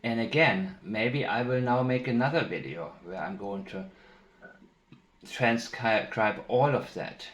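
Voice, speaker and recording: A man commenting on interview clips, speaking in a deliberate, emphatic way and repeating key phrases. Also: mid-range voice, a bit bright, reverberant. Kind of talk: analytical commentary with played clips.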